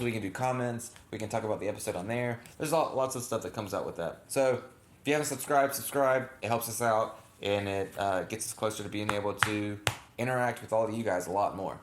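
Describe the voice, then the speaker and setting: A man co-hosting a casual reaction chat, rambling with lots of fillers and self-corrections. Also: lowish voice. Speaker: channel co-host. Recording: echoey room.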